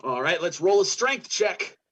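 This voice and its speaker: A man's voice: high-pitched, very animated, unhurried, sharp tone, husky, muffled recording. A man narrating a tabletop game as game master, improvising loosely with restarts.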